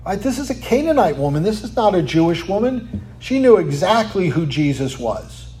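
Speaking at a normal speed with slight background noise, a male pastor delivers a lively, conversational sermon in a fairly high voice. He's animated, keeps asking listeners rhetorical questions, and sprinkles in plenty of "right?" asides. Now and then he sinks to a near whisper to stress a point.

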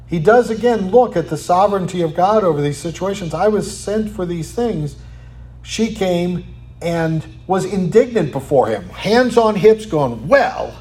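A man preaching a sermon, asking rhetorical questions and tagging lines with "right?", sometimes dropping to a quiet, almost whispered tone for emphasis. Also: sits high, lively intonation, a little slow. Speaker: pastor.

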